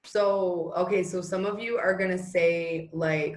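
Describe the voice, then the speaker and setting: A network marketing leader appears as a guest, talking business motivation straight to listeners while rambling and restarting her sentences. Her voice is on the low side, a little slow, with little pitch movement, and the recording has a roomy echo.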